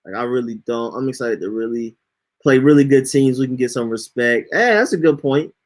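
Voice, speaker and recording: A man co-hosting a sports podcast, talking in a relaxed, slangy way. His voice sits at an ordinary middle pitch. He stops now and then to greet viewers in the chat. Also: a little fast. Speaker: podcast co-host.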